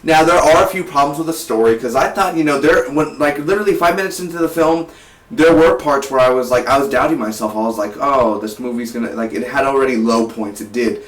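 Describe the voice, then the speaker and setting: An eighteen-year-old man from South Texas, reviewing a movie in an energetic, rambling way with many restarts. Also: medium pitch, quick pace, recorded from a distance. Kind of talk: casual movie review vlog. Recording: roomy, voice set back from the mic.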